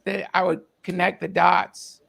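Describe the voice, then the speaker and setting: Man, higher voice with gravel, tells a story haltingly with feeling. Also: level tone, fairly bright tone. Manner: emotional, halting, many fillers and restarts. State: tearful. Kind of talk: casual storytelling.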